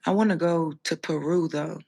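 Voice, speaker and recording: A woman's voice: low-pitched, steady tone, normal speed, creaky, darkish tone. Blunt woman streamer chatting with viewers. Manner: blunt, opinionated, talks straight to chat. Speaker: livestream host. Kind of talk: casual livestream chat, answering viewers.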